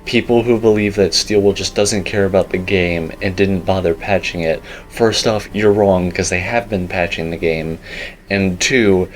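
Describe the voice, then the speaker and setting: A man's voice: sits low, steady tone, moderate pace, a little hiss or hum, rough recording. A young man giving casual, rambling commentary on a game teaser, opinionated and full of filler words. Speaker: gaming YouTuber.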